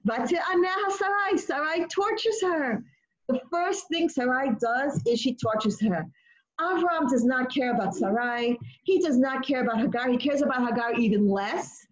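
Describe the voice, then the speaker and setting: A woman leading an informal study session, retelling stories in an expressive, animated way. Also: high-pitched, moderate pace. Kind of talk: informal teaching talk. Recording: muffled lo-fi audio.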